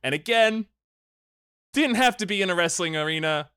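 A young man hosting a casual comedic podcast, recapping a movie in an animated, riffing storytelling manner. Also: high-pitched, moderate pace, clean tone, no echo, clean studio sound. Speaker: podcast host recapping a film.

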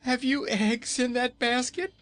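A man's voice: high voice, very animated, a little slow, vocal fry, fairly bright tone, pitched above the performer's own voice, full character voice. A man voicing a cowardly, whining male gnome king who pleads and trembles. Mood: terrified.

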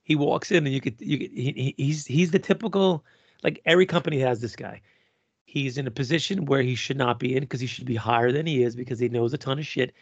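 Gravelly, husky-voiced man chatting casually. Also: mid-range voice, fast, no echo, highs cut off. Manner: profane, rambling, laughs often. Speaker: podcast co-host. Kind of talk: casual chat reviewing a TV episode.

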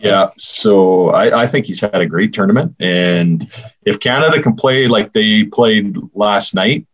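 Deep-voiced male co-host, slightly dull. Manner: easygoing, halting with fillers and restarts. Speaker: podcast co-host. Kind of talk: casual podcast chat, hockey talk.

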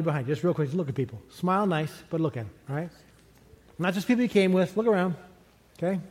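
High-voiced pastor preaching in a reverberant church. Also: male voice. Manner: conversational, animated preaching with laughs. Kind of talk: sermon. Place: large church sanctuary. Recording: long hall reverb from a church sanctuary.

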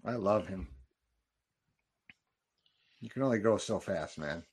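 A low, husky-voiced man trades quick, jokey asides while watching a movie. His pitch swings widely as he reacts, and the talk stays loose and conversational. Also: lively intonation, darkish tone. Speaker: co-commentator watching a film. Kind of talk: casual watch-along commentary.

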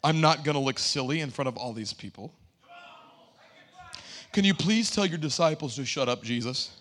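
A prim, self-important churchgoer mutters his complaints in a voice pitched well below the speaker's usual one. The tone is quiet and sneering, full of disdain, as a preacher puts him on. It has a bright edge. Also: lively intonation, moderate pace, close to an everyday voice. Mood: sniffy, disdainful. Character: haughty self-important churchgoer, scornful of loud worship.

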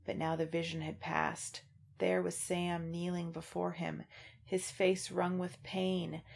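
Low gravelly woman discussing a book. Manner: conversational, reads passages aloud in an even voice. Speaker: podcast co-host. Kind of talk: casual book discussion with read-aloud passages.

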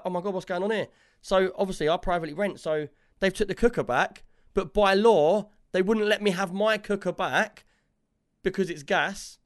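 A man telling a long story in casual chat, quoting the people he argued with. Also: high voice. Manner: animated storytelling, quotes others in dialogue.

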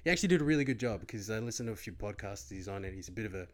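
A man co-hosting a podcast in a relaxed, chatty way, with a fairly low voice. He tells stories with animated energy and sometimes breaks into mimicked voices. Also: racing. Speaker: podcast co-host. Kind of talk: casual chat.

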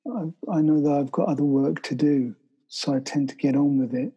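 A middle-aged man, telling a story as an interview guest, often halting and restarting his sentences. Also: fairly high pitch, mellow, husky, muffled recording. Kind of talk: storytelling in conversation.

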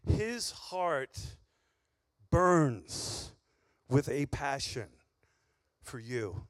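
A man's voice: fairly high pitch, lively intonation, drawn-out words, pauses often, no echo. A man preaching a sermon in an earnest, emphatic way, repeating key phrases for weight. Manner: earnest, emphatic, with heavy repetition.

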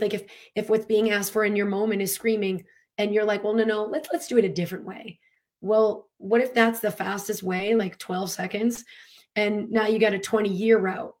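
Animated woman coaching on emotional release. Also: mid-range voice. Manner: animated and earnest, laughs often, many "like" fillers; breathes audibly and sighs for demonstration. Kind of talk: casual spoken teaching on emotions.

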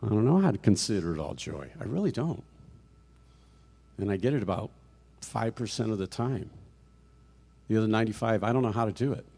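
A man's voice: on the low side, animated, a little fast, pauses often, warm tone, slightly rough. A middle-aged man preaching a conversational sermon as a guest speaker in a church, with frequent restarts and rhetorical questions to the congregation. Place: church sanctuary.

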